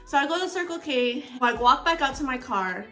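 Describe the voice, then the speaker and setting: A woman's voice: high voice, animated, fairly quick, sharp tone, faint music behind. Chatty woman telling a story. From Texas. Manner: chatty, rambling, acts out dialogue. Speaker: storytime YouTuber. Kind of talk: casual storytelling while getting ready. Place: at home indoors by a window.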